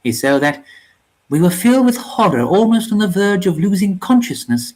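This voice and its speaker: A storyteller reads a bleak war novella aloud at a steady, measured pace, with a somber tone. The voice sits in a middle register, neither high nor low. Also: low-quality recording. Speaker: reader of a story channel.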